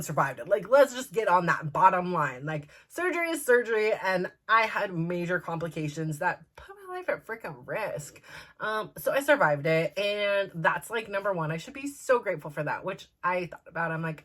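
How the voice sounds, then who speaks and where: A woman's voice: fairly low pitch, sing-song, normal speed, a bit bright. A woman in her forties, a show host, talking candidly in a casual personal vlog, with lots of "like" fillers. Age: 40s. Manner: candid and chatty, full of "like" fillers.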